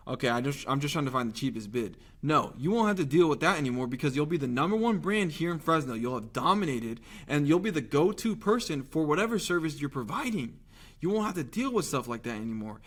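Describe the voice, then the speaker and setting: A young man talking straight to the viewer in a lively, conversational sales pitch, tossing out rhetorical questions. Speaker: marketing agency owner pitching local businesses. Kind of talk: direct-to-camera sales pitch.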